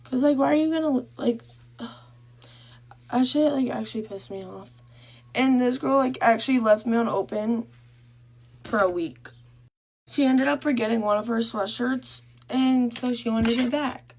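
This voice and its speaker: A woman's voice: fairly high pitch, measured pace, long pauses, a little mellow. A young woman casually telling a story about her first relationship, frank and swearing, often trailing off and restarting.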